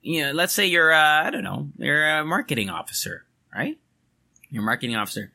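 A young man hosting a podcast, venting in an angry, emphatic rant full of swearing. His voice is very bright and sits a little high. It rises and falls widely as he talks. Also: animated, brisk, gravelly. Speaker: podcast host. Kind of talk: ranting podcast monologue.

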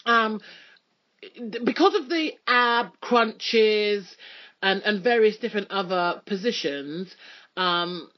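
A woman's voice: mid-range voice, slow pace, dull audio. A woman presenting a casual radio chat, joking and chatty with plenty of fillers.

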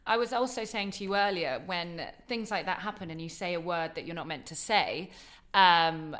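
A woman with a slightly low voice hosting a casual conversation. She mostly listens, dropping in short, curious questions and quick yeahs. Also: a bit bright. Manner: brief curious questions and backchannel. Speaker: interviewer. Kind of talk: casual chat.

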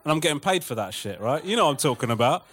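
A man, a comedian telling a profane, animated story on a podcast with a live audience, laughing often. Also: fairly high pitch, racing, background noise.

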